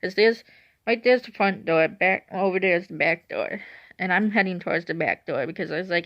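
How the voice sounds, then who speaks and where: A woman's voice: on the low side, normal speed, dry recording. Rambling young woman telling a story. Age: 20s. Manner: rambling, self-correcting storyteller. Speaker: vlogger. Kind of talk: casual storytime. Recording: dry, dull lo-fi recording.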